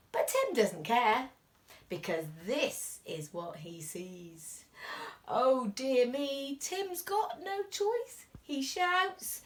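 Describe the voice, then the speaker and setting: Reading a picture book aloud to young children, this reception class teacher speaks in a fairly high voice and takes it slowly. Her reading is animated and expressive, and it falls to whispers whenever the story gets tense.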